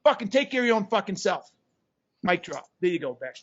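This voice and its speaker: A man co-hosting a podcast, ranting bluntly and profanely, at times breaking into shouts. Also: sits high, sing-song, brisk, muffled recording. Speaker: podcast co-host. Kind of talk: fired-up podcast rant.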